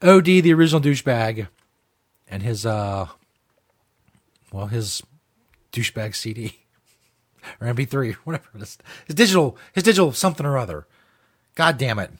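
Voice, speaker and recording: A man's voice: mid-range voice, normal speed, pauses often. A man hosting a talk show, ranting bluntly and combatively with heavy profanity. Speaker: host. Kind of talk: opinionated talk show rant.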